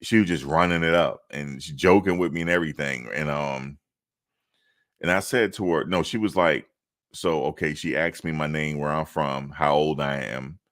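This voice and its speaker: Very deep-voiced man telling a story. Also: normal speed. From New Jersey. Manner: animated, slangy, repeats himself for emphasis. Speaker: vlogger telling a travel story. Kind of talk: casual storytelling to camera.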